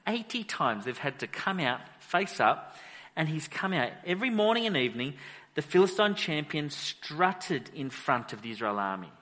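A male pastor preaching in a church hall, telling the story with lively, swooping pitch and a bright, forceful tone. He acts out the characters as he goes. The voice rings with a long hall reverb. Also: normal speed. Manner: animated storytelling, acting out the characters. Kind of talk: sermon.

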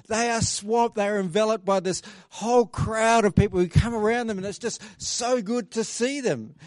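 A man's voice: sits high, darkish tone, no echo. Man preaching in a conversational, dry voice. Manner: conversational, acts out quoted voices. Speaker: pastor. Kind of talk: sermon with scripture reading and prayer.

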